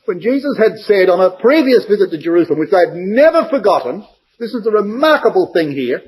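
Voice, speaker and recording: A man's voice: high voice, very animated, fairly quick, a little mellow, husky, poor audio. A man giving a verse-by-verse Bible study to a congregation, emphatic and full of rhetorical questions.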